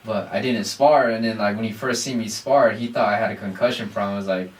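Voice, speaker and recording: A man's voice: fairly low pitch, fairly even intonation, fast talker. A man hosting a casual podcast, chiming in with short, easygoing replies and telling his own fight story. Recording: roomy echo, far from the mic.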